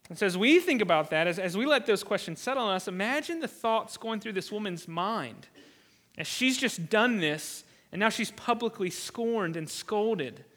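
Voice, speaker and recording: A man's voice: high voice, animated, moderate pace, a bit bright. A man preaching a sermon as pastor, earnest, often repeating words and briefly acting out the voices he quotes.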